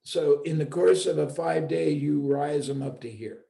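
A man's voice: fairly high pitch, measured pace, creaky, dark tone. A middle-aged man, a business owner and former seminar leader, talking reflectively in a casual conversation and repeating his points for emphasis. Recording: roomy echo.

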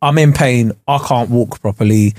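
A young man, co-hosting a podcast, telling an animated, slangy story and laughing often. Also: medium pitch, moderate pace, dry recording, clean studio sound. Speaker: podcast co-host. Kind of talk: casual banter storytelling. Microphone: studio podcast mic.

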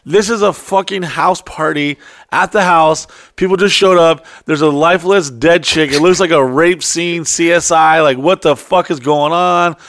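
A man telling a wild story in casual, profane chat, acting out quotes in high voices. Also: normal speed, a bit bright, dry recording, clean studio sound. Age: adult.

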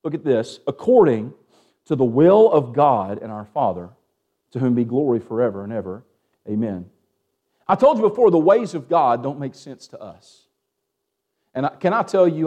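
A man preaching a sermon as pastor, asking the congregation for amens and dropping from raised, urgent lines to hushed ones. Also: mid-range voice, big pitch swings, moderate pace. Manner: Southern-tinged preaching with call-and-response "amen?", swings from hushed to raised.

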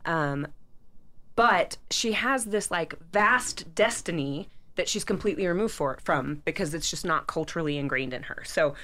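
A woman's voice: lowish voice, lively intonation, moderate pace, pushed and bright. A woman author as a podcast guest, talking in a rambling, upbeat way with many fillers. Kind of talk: casual interview chat.

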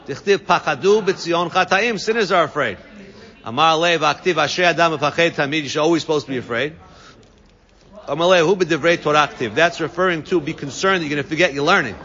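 A man teaching a Talmud class, reading Aramaic phrases and translating each one with quick asides. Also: a little high, bright, forceful tone. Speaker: Torah teacher. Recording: dull sound with long reverb.

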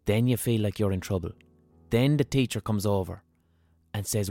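A man's voice: lowish voice, normal speed, dark tone, no echo. Male podcast host, candid rambling monologue, dry close sound, faint music underneath. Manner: frank, profane, rambling storyteller who restarts sentences.

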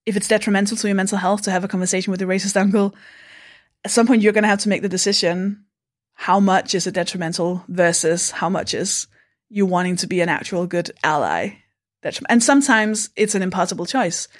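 A woman's voice: mid-range voice, brisk. Frank, thoughtful woman comedian from Denmark; mid-range voice; unfiltered conversational delivery. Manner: frank, reflective, casually swearing. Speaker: comedian guest. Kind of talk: candid podcast conversation.

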